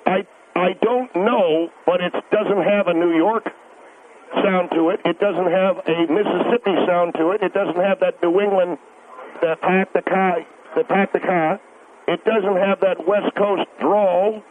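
Man, high voice, stammering, insistent, rambling caller, tinny phone line. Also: fairly even intonation, measured pace, a little hiss or hum. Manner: stammering, insistent, repeats himself. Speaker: radio caller.

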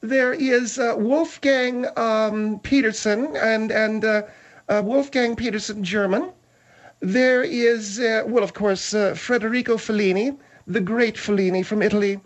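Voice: mid-range voice, steady tone, measured pace. A person on a comedy talk radio show, knowing and exasperated. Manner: knowing, name-dropping, exasperated.

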